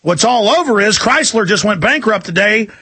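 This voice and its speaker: High gravelly ranting radio host. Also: male voice, animated, moderate pace, bright, forceful tone, no room sound. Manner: ranting, urgent and combative. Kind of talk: talk radio monologue.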